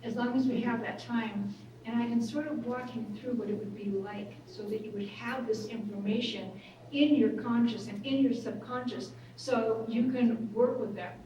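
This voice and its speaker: A woman's voice: on the high side, fairly even intonation, moderate pace, dark tone. A woman speaker telling stories to a workshop audience, chatty and conversational. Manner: conversational, acts out quoted voices. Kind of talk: storytelling workshop talk. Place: large conference hall. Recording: echoey hall, far from mic, room noise.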